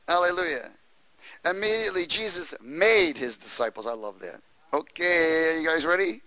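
A man preaching a lively sermon, laughing often and tossing questions to the congregation. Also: on the high side, no echo, rough recording.

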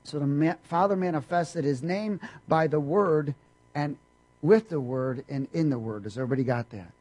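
Husky-voiced preacher quizzing his congregation. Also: fairly high pitch, normal speed, low-quality recording. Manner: emphatic, swings between loud and hushed. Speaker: pastor. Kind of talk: sermon.

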